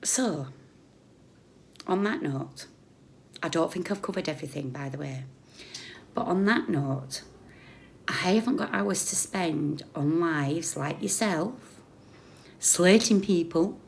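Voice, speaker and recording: A British woman with a fairly low voice rants on a live stream, scolding someone directly. She is blunt and sarcastic and swings between raised outbursts and muttered asides. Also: slow pace, creaky, long pauses, slight background noise. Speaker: YouTube commentator. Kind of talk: ranting live-stream commentary.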